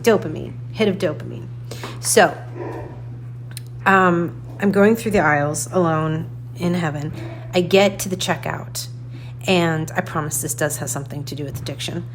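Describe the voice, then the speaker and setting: A woman in her forties tells a personal story on her podcast, chatty and animated, poking fun at herself. Her voice sits a little low for a woman. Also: slight background noise. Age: 40s. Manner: animated, chatty, self-deprecating with frequent laughs. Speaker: podcast host. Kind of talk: casual storytelling monologue.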